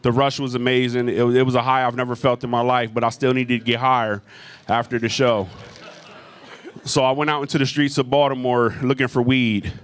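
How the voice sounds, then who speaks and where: Profane stand-up comic working a club crowd. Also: male voice, medium pitch, a little fast, smooth. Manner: profane, animated storytelling with crowd work. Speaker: stand-up comedian. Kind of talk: stand-up comedy set. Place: comedy club stage.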